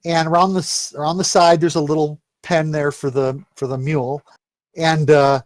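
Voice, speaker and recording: A fairly high-voiced man narrates a tabletop adventure as game master, tripping over and repeating words as he goes. The sound is dry and close, with no room around it. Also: level tone, normal speed, dry recording. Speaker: dungeon master.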